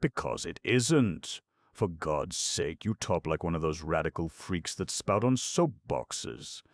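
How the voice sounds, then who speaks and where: A man's voice: low-pitched, very animated, slow pace, full character voice. A man voicing a big, hot-tempered young man who blusters and rages in an audiobook. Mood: indignant. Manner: blustering, loud, indignant.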